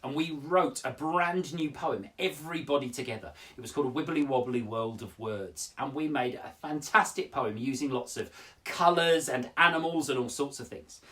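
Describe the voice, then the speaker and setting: Recorded from some distance, a man with a medium-pitched voice talks at normal speed while hosting a children's poetry show from his home. He's animated, playful and expressive, speaking straight to the kids tuning in, in the style of lively kids' show presenting.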